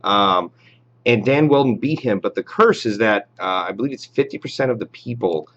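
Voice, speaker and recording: A man's voice: on the low side, animated, moderate pace. Guy hosting a live show, chatty and loose, lots of ums, kinda muffled sound. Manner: reads viewer names and approves shout-outs, chatty with fillers. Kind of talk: casual live stream chat.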